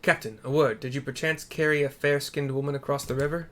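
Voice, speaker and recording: A steady, solemn young lord gives his orders in formal, old-fashioned speech, read aloud by a man playing through a game. The voice stays close to an everyday man's middle pitch rather than a big character voice. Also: a little fast, lightly acted. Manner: solemn, formal archaic phrasing. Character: Hien, a steady young male lord and leader. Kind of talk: reading game dialogue aloud.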